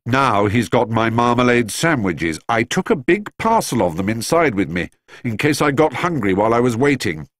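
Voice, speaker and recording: An earnest, polite young bear from a storybook, patiently explaining himself in a lifted, lively voice, as a man puts him on. The sound is dry and close. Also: medium pitch, normal speed, dry recording, voice pushed up.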